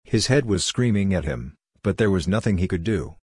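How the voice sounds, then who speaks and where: Deep husky male story narrator. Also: lively intonation, moderate pace, a little mellow, no echo. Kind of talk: audiobook-style fiction reading.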